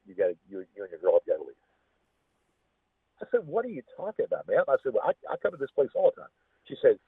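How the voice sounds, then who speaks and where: A man with a lowish, husky voice tells a long personal story as a podcast guest, circling back and restarting his sentences. The sound is thin and phone-like, with a dry, close feel. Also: dry recording. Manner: rambling, with repeated restarts. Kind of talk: casual storytelling.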